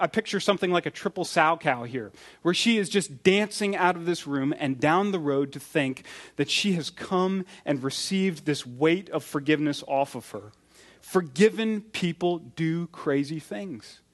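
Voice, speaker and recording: A man preaching a sermon as pastor, telling the scripture story with animated delivery and acting out what the people in it say. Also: a little high.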